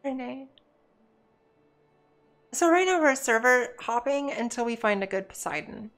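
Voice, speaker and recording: A woman's voice: a little high, expressive, a little slow, a bit bright, faint music behind. A woman chatting casually while she streams a game, rambling and joking as she plays. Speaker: let's play streamer. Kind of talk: casual chat while gaming.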